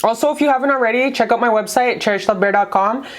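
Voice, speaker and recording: A woman's voice: a little high, fast. A woman hosting a casual online tarot reading, talking to her viewers in a gushing, affectionate, slangy and frank way. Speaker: tarot reader.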